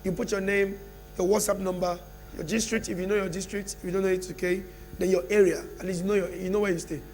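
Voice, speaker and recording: A man pastor preaching a sermon at a church service, shouting declarations and calling for the congregation to respond. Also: sits high, level tone, fast, a little hiss or hum.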